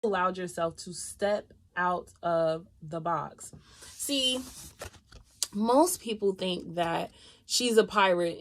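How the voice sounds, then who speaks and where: A woman giving a live tarot reading, chatty and expressive, speaking straight to her viewers. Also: on the low side. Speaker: tarot reader.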